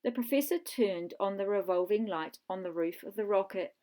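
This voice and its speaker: A woman's voice: mid-range voice, moderate pace, mellow. Woman reading a children's storybook. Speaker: narrator.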